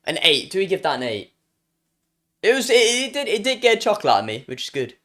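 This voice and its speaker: Lively, higher-voiced British young man. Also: brisk. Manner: joking, playful, trails off and restarts. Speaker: streamer. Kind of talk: live stream reaction chat.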